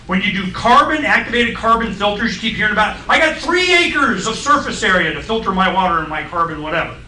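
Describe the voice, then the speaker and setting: Animated, folksy middle-aged man, bright tone. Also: high-pitched, fairly quick, roomy sound, distant mic, a little hiss or hum, low-quality recording. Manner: folksy, blunt, animated, acts out voices in stories. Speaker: radio show guest. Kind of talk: excited radio talk, explaining science.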